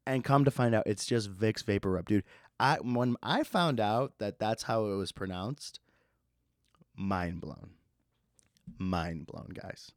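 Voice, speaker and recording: A man's voice: fairly low pitch, takes it slowly, dry recording, clean studio sound. A man in his twenties hosting a casual solo podcast, laid-back, swearing freely and laughing at his own stories. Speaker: podcast host.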